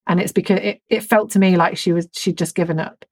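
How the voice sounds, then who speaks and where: Frank, breathy woman. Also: lowish voice, fairly quick, dry recording. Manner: candid, animated storytelling, swears freely. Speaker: podcast co-host. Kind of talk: frank casual chat.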